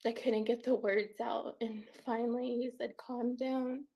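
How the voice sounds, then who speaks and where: A woman's voice: on the high side, steady tone, a little slow, mellow. A woman guest on a call-in show, telling her own story in an earnest, tearful way. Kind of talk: emotional first-person account.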